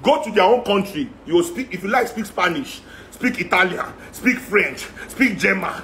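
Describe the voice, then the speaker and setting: A man's voice: sits high, animated, normal speed, bright, forceful tone, slight background noise. A Nigerian man in casual, opinionated chat who mixes Pidgin and Yoruba and mocks his listeners. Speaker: musician and guest.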